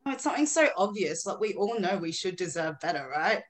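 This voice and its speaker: A woman with an Australian accent, a mindset coach chatting as a guest on a podcast over a remote call, upbeat and quick to laugh. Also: lowish voice, lively intonation. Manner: upbeat, laughs easily while talking. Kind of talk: casual podcast interview. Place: home, hot weather far from hosts.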